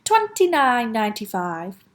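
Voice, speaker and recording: A woman's voice: fairly high pitch, big pitch swings, a little slow. A woman voicing a blunt, insistent male cashier in a storybook read-aloud. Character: pushy grown man cashier.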